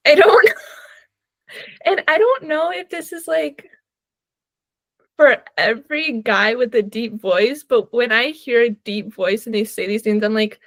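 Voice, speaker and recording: A woman co-hosting a book podcast, telling stories in an animated, filler-heavy way and laughing often. Her voice sits slightly high. The sound is close and dry, with no room echo. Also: slow, long pauses. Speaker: podcast co-host. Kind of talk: casual chat about books.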